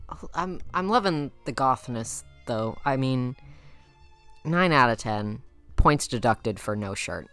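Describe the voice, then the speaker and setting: A woman's voice: very deep voice, expressive, normal speed, a bit bright, no echo, faint music behind. A young woman with a Midwestern accent doing playful, teasing roast commentary as a YouTuber, laughing often. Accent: Midwestern American.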